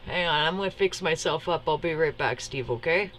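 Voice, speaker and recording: A woman's voice: low voice, moderate pace, a bit bright, slight background noise, poor audio. A woman, choked up and tearfully thanking people on a live stream. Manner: tearful, grateful, Southern-sounding phrasing. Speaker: livestream guest. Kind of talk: emotional live-stream chat.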